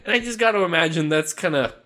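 A man talking casually as the host of a chat, a little higher than average and with a bright, forward tone. He rambles, chuckles, and restarts sentences as his thoughts come together. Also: fast. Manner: rambling, chuckling, self-interrupting.

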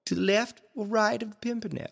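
A man's voice: sits high, a little fast, gravelly. A man playing a vain, pompous British spy chief in a comedy sketch. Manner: pompous, theatrical, posh upper-class.

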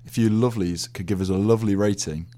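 A man's voice: lowish voice, steady tone, quick pace, warm tone. A man co-hosting a casual comedy podcast, teasing his partner and laughing often. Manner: teasing, laughing, mock-exasperated. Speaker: podcast co-host.

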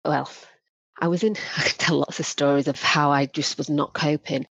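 A woman's voice: low voice, normal speed, slightly rough, dry recording. A woman, a podcast guest telling candid stories about her work and acting out the voices of people involved. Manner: animated, acts out quoted voices. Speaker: guest, former probation practitioner. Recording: dry, dull lo-fi audio.

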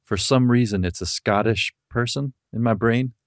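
A man's voice: mid-range voice, normal speed, dry recording, studio quality. A man hosting a podcast, telling loose stories in casual talk and swearing now and then. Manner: loose storytelling, swears, laughs easily. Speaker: podcast host. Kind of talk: casual chat.

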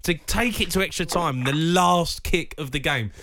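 A man hosting a sports radio show, chatting excitedly about the match. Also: a little high, moderate pace.

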